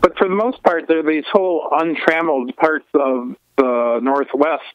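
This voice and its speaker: A man's voice: fairly high pitch, fairly even intonation, moderate pace, no room sound. Genial male author on a dry phone line. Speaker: author and guest. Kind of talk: phone interview.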